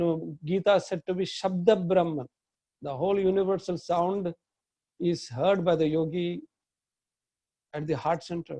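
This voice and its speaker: A man, a yoga teacher, slowly guiding a chakra meditation, giving calm breathing instructions and chanting mantras in long tones. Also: high voice, no room sound.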